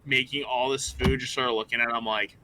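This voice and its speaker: A man's voice: medium pitch, level tone, fast, bright, forceful tone, a little hiss or hum, poor audio. A man running a tabletop game as game master, narrating loosely with many restarts. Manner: loose, full of fillers and restarts.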